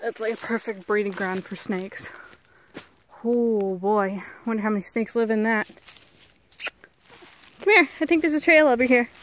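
A woman's voice: fairly high pitch, normal speed, pauses often, slight background noise. A woman from the American South walking her dog in the woods, chatting casually and coaxing it in baby talk. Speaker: vlogger. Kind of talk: casual outdoor vlog. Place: outdoors in rural woods.

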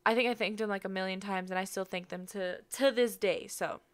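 A woman's voice: mid-range voice, fairly even intonation, fairly quick. A young woman in her twenties chatting effusively about making her music video, laughing often. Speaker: singer reacting to her own music video. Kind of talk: casual chat.

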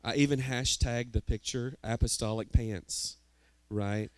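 A man's voice: mid-range voice, fairly even intonation, measured pace, darkish tone, no room sound. A man, the church's pastor, introducing a guest speaker in a rambling way with many fillers. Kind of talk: church announcement. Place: church sanctuary.

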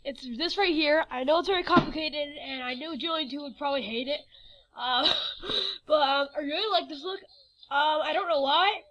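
A woman's voice: high-pitched, moderate pace, a bit bright, highs cut off. A teenage girl chatting casually over a game recording, rambling with lots of fillers. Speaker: game vlogger. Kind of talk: casual chat with screen recording.

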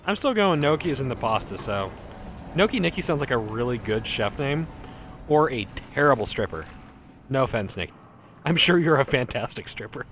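A man's voice: mid-range voice, big pitch swings, normal speed, a bit bright, a little hiss or hum. A man streaming horror gameplay while tipsy and out of breath, swearing, yelping at scares and cracking jokes between them. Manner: jumpy, yelps and swears, jokey asides. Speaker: gaming streamer. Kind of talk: live horror gameplay commentary.

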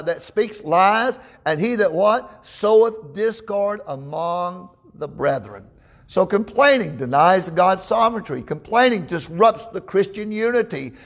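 A man preaching a sermon, telling homespun stories with frequent stammered restarts and asides to the congregation. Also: high-pitched.

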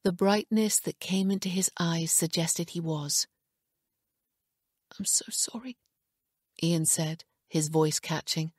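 A woman narrating an audiobook in a hushed, measured way, recorded in a studio booth. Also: on the low side, steady tone, slightly rough, no echo. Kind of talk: scripted narration.

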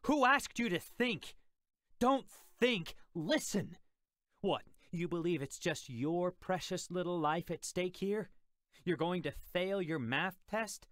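A man's voice: mid-range voice, expressive, unhurried, dry recording, studio quality, lightly acted. A man voicing a furious, commanding young male troll hunter in an audiobook, snarling and scolding. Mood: enraged. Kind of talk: audiobook character voice.

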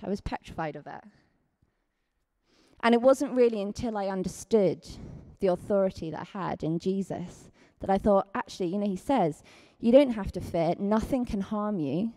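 A woman with a Scottish accent preaching a chatty, lively sermon, acting out quotes with big leaps in pitch.

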